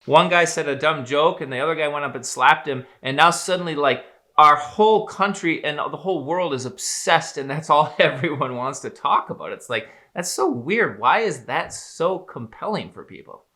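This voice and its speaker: A man's voice: on the high side, lively intonation, normal speed, hardly any pauses, pushed and bright. A man co-hosting a podcast, talking through his analysis in casual, rambling chat. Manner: rambling, emphatic, swears casually. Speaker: podcast co-host, psychologist.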